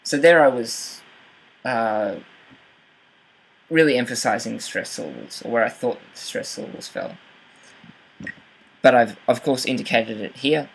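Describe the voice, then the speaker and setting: A man's voice: mid-range voice, animated, measured pace, vocal fry, pauses often, husky, rough recording. A young man talking through how to read a poem closely, hesitant, with fillers and self-corrections. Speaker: writing channel host. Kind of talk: casual explanatory talk with poetry reading.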